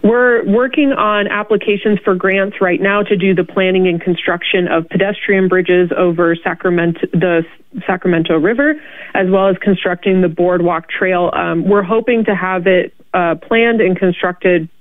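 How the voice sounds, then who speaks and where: A woman, a city mayor, answering radio interview questions in a steady, informative way with frequent ums. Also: lowish voice, normal speed, dry recording. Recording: tinny phone line.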